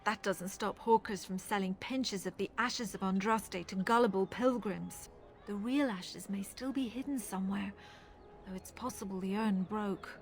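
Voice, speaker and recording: A woman's voice: mid-range voice, natural voice. A woman playing an earnest Irish chantry curator. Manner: thoughtful, earnest, measured speech. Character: pious middle-aged female chantry relic curator. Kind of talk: video game dialogue.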